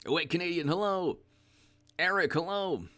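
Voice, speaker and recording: A man hosting casual political livestream commentary, who jokes, laughs easily and thanks viewers by name. His voice is bright and forward and sits a little above the usual male range. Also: sits high, moderate pace.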